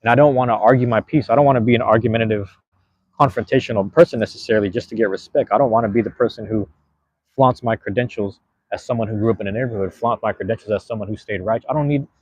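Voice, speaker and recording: A man's voice: on the low side, quick pace, darkish tone, breathy edge, no room sound, muffled recording. A young man from the US West Coast hosting a live stream, talking in a laid-back, rambling way with street slang and lots of cursing. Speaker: podcast host and live streamer. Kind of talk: casual live-stream monologue.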